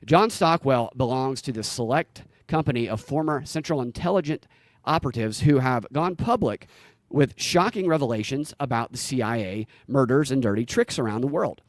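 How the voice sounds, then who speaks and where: Clean studio audio with no echo captures a man speaking at medium pitch, lively and moderately paced. He's a podcast host with a Southern US accent, telling meandering stories in a relaxed way and laughing readily.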